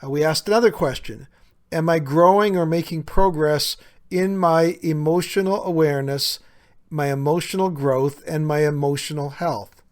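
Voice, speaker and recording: A man's voice: fairly high pitch, normal speed, a little mellow. A man hosting a podcast, talking earnestly and conversationally with frequent small fillers. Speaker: podcast host. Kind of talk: reflective solo podcast talk.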